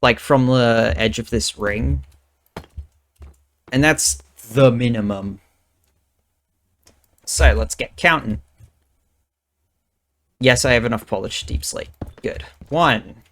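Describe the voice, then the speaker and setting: Slow-talking man thinking aloud while gaming. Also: mid-range voice, a bit bright, slight background noise. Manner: thinking aloud, muttering counts under his breath. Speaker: streamer. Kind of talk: casual gaming commentary.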